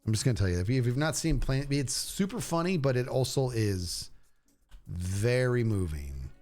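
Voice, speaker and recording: A man's voice: mid-range voice, sing-song, normal speed, darkish tone, faint music behind. A middle-aged man chatting casually with his stream viewers, rambling and stopping himself mid-sentence as he talks about shows he loves. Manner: rambling, self-interrupting, enthusiastic about shows. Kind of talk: casual livestream chat.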